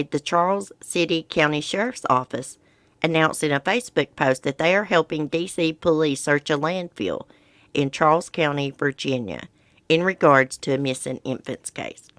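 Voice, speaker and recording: A woman host with a low voice talks casually, reading news items aloud and then cutting in with blunt, sarcastic remarks. Her voice is close and dry, with no room sound at all. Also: a bit bright, dry recording.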